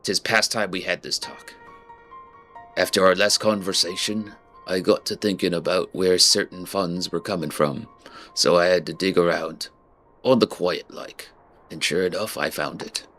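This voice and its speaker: A man voicing a gruff female sea captain in a rough pirate-style brogue, reading game dialogue aloud. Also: a bass voice, steady tone, moderate pace, fairly bright tone, soft background music. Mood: grim.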